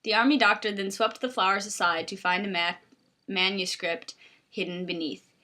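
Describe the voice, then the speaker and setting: Bright, blunt, sweary woman reader. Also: mid-range voice, fairly even intonation, moderate pace. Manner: blunt, swears freely, exasperated commentary. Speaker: fanfiction reader. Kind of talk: mocking dramatic reading.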